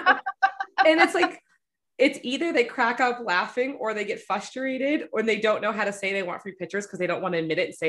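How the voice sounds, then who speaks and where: A woman's voice: mid-range voice, fast talker, fairly bright tone. A woman photographer chatting casually on a podcast about her business. She is blunt and playful, and she acts out conversations with her friends. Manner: blunt, self-described smart aleck, acts out quoted friends with laughter.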